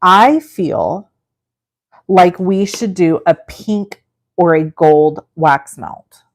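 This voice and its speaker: A woman in her forties leads a casual live crafting session with a somewhat low-pitched voice. She chats loosely and rambles, poking fun at herself. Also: very slow. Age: 40s. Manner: chatty, rambling and self-deprecating. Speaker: craft livestream host.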